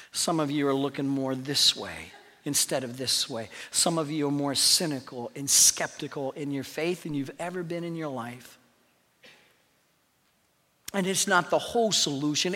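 A male pastor preaching a sermon, swinging from loud proclamations to hushed, near-whispered lines. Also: fairly high pitch, in a large hall.

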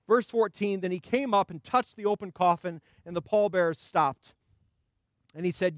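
A pastor with a bright, high voice preaches in an easy conversational way, slipping jokes between scripture readings. His voice sounds close and dry, with little room sound behind it. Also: no echo. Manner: conversational preaching with playful asides. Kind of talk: sermon.

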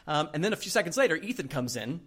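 Animated, fairly high-voiced male preacher. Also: quick pace, breathy edge. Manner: animated storytelling, laughs often. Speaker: pastor. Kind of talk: sermon with personal story.

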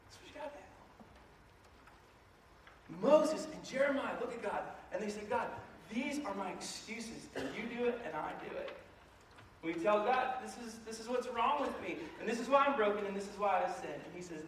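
A man preaching a sermon as a pastor, animated and joking, acting out voices as he goes. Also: high-pitched, normal speed, a little hiss or hum. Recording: echoey hall, mic far off.

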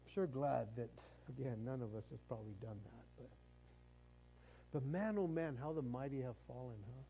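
A man's voice: mid-range voice, moderate pace, creaky, dark tone, slight background noise, low-quality recording. A man preaching a sermon in a conversational way, often stumbling and restarting his words. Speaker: pastor.

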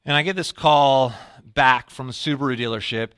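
A man giving a sermon in a relaxed storytelling way, his voice bright and forward. He sometimes sinks low and soft to act out his own reactions. The sound is close and dry, with no room echo. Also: moderate pace, smooth. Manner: storytelling, drops to a low quiet voice when quoting himself. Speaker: pastor.

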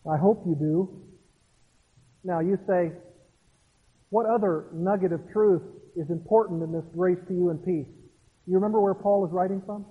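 A man's voice: high-pitched, fairly even intonation, moderate pace, long pauses, breathy edge. A man preaching an expository sermon, earnestly explaining a passage and putting questions to the congregation. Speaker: pastor. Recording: tinny phone-like sound in a long reverberant hall.

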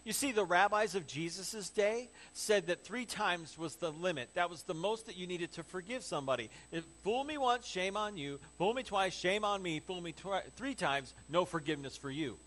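A man preaching a sermon in an animated, conversational way with joking asides, as pastor. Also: high-pitched, moderate pace, hardly any pauses, poor audio.

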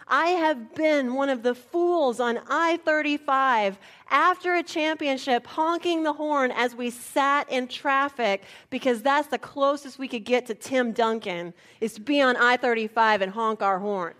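A woman pastor giving a sermon, telling a personal story in an animated, playful way. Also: sits high, a little slow, hardly any pauses.

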